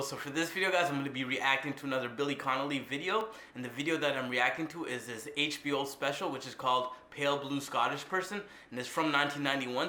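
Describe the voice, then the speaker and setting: Male reaction host, upbeat, sharp bright voice, brisk delivery. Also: mid-range voice, echoey room. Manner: upbeat, direct address to viewers. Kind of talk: casual video intro.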